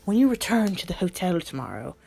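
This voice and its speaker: A woman voicing a gentle male demon who tenderly says goodbye to his lover, speaking softly and sometimes whispering. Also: on the low side, sing-song, brisk, creaky, husky, exaggerated voice.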